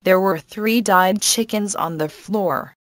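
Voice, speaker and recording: A woman teacher reading an English lesson and a story aloud, slowly and carefully. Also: mid-range voice, no room sound. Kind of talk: scripted lesson narration.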